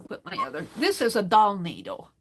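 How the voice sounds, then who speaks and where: A woman's voice: mid-range voice, huge pitch swings, brisk, slight background noise. A woman hosting a crafting livestream, chatting casually and reading viewer comments aloud as she works.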